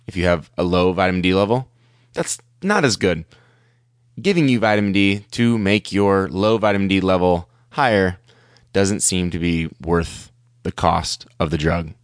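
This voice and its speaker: A man's voice: low-pitched, moderate pace, no room sound, clean studio sound. A man hosting a medical podcast, talking through research papers in a conversational, wry and skeptical way. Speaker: podcast host. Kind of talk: casual medical podcast commentary.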